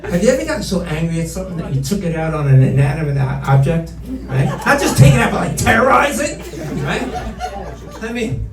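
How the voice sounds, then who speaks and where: A male comedian rants with mock outrage in a high, lively voice that swoops up and down. The sound is roomy and picked up from a distance. A crowd laughs throughout. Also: fairly quick. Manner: animated, ranting, mock-outraged storytelling. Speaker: stand-up comedian. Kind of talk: stand-up comedy set. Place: comedy club stage.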